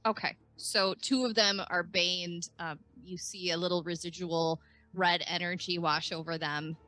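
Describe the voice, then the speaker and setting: A woman's voice: lowish voice, fairly even intonation, unhurried, sharp tone, faint music behind. A woman running a tabletop game as game master, hesitant with lots of fillers. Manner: hesitant, many fillers, giggly.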